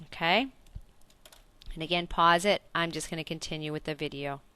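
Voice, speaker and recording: A woman gives a recorded grammar lesson with a bright, clean voice. She walks through each point patiently, asks if it makes sense, and fixes her own slips as she goes. The sound is close and dry. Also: low-pitched, moderate pace, smooth, no echo. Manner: explains step by step with frequent self-corrections and check-in questions. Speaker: Spanish teacher.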